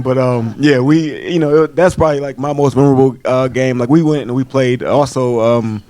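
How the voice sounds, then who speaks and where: A man in his twenties, a former college football player on a panel, telling a story in a casual, animated way and laughing as he goes. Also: medium pitch, brisk, hardly any pauses.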